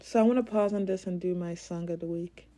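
A woman's voice: fairly low pitch, a little fast. A woman hosting a casual spiritual podcast, talking animatedly, laughing and swearing as she acts out quoted voices. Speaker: podcast host.

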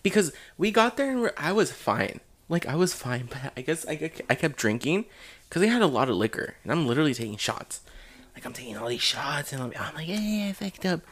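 Young man, self-confessed drama queen, swears freely, lively pitch. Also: a little fast. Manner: dramatic, profane, laughing. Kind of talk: casual storytelling chat.

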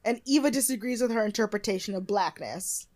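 A woman in her twenties co-hosting a podcast, casually recapping a TV show, animated and swearing freely. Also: mid-range voice, a little fast. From United States. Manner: animated, swears freely, acts out others in bursts. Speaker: podcast co-host.

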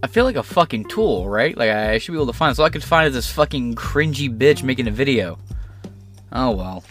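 Man, commentary host, reads stories then rants, crude and scornful, mid pitch, soft music bed. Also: expressive, a little fast. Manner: profane, contemptuous, sarcastic. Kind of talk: angry reaction commentary, reading articles aloud.

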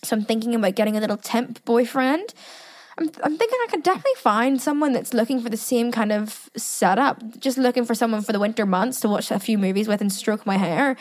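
A young British woman hosts a podcast, telling a story in a casual monologue. She's animated, swears freely, and adds chatty asides, speaking fairly quickly at a fairly high pitch.

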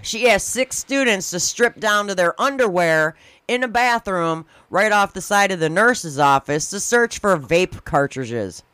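A woman's voice: mid-range voice, animated, unhurried, a bit bright, clear, resonant tone, no room sound. A woman co-hosting a podcast, talking bluntly and laughing often between lines. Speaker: podcast co-host. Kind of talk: casual chat, storytelling.

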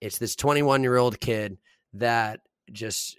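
A man's voice: medium pitch, takes it slowly, clear, resonant tone, dry recording, clean studio sound. A man in his twenties, a podcast co-host, telling stories in casual chat with plenty of swearing. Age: 20s. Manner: swears a lot, animated storytelling.

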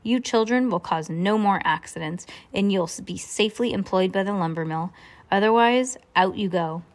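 A woman's voice: mid-range voice, normal speed, natural voice. A woman reading aloud as a bossy, impatient male lumber mill boss who barks out orders. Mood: curt. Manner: curt, barking orders.

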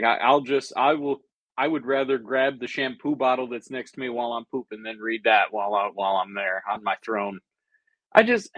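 Husky laid-back podcast co-host man. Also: mid-range voice, fairly bright tone, no room sound, muffled recording. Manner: laid-back, joking, stammering restarts. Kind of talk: casual podcast chat.

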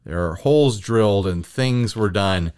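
A man co-hosting a podcast in casual chat, joking and animated with quick asides. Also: on the low side, clean tone. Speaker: podcast co-host.

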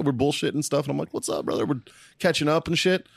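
A man in his thirties telling barracks stories on a podcast, profane and animated, often breaking into laughter. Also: medium pitch, fast talker, gravelly, dry recording. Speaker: podcast co-host. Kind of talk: casual storytelling.

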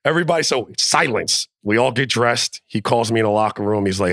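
A man telling a locker-room story in a casual podcast chat, animated and profane, acting out the quotes. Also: on the low side, quick pace, few pauses, no echo, clean studio sound. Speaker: podcast co-host, former NBA player.

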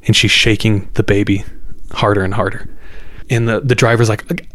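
Male storyteller, lower register, casual chat, dramatizes quoted voices, dry recording. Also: fairly even intonation, moderate pace, dry recording. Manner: builds suspense, acts out quoted voices.

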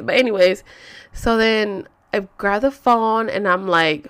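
A young woman telling a personal story in casual, animated talk, swearing freely and acting out quotes. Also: medium pitch, unhurried, clean tone.

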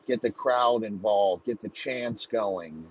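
A man with a lowish voice delivers a slow, profane comedic tirade, crude and mocking and swearing nonstop. The lo-fi recording is slightly muffled, with faint background noise.

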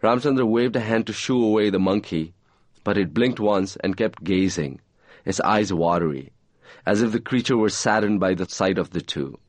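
A man reading aloud from his own novel in a measured, even storytelling manner. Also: on the low side, no echo.

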